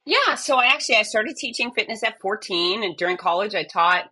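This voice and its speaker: In a conversational interview, a middle-aged female fitness expert talks with candor and emotion, delivering her words in quick bursts. Her medium-pitched voice is lively in intonation, pushed and bright, with a breathy edge.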